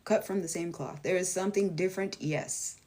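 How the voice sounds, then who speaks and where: A woman with a fairly low speaking voice talks straight to her viewers in a loose, unscripted monologue. She is blunt and emphatic, swears without hesitation, and jumps way up in pitch whenever she acts out what someone else says. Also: steady tone, fairly quick, darkish tone. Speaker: vlogger and life coach. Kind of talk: casual spoken monologue.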